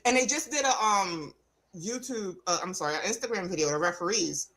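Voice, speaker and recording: A woman with a New York accent, co-hosting a casual wrestling chat and telling animated stories full of acted-out quotes. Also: medium pitch, brisk, poor audio. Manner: animated storyteller, acts out quotes, laughs often. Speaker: wrestling podcast co-host.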